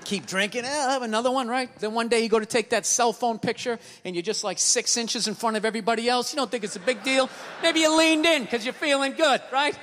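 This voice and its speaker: Loud sweary guy doing standup, high bright voice, big hall echo. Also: quick pace, slight background noise. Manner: ranting, profane, loud outbursts. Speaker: stand-up comedian. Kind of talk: stand-up comedy routine. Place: stage in a large venue. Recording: live show in a big hall.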